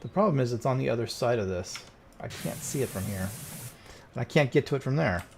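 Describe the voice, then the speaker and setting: A man's voice: mid-range voice, animated, a little fast, creaky, darkish tone, a little hiss or hum. A man streaming a cleaning game, muttering and exasperated as he talks to the game, in casual gameplay commentary.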